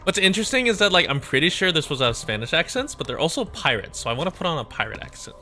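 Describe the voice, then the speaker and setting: Guy streaming a game, bright tense voice, chatty, faint music behind. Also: on the high side, big pitch swings, fast talker. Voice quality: laughs often, casual. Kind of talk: game let's play, reading aloud.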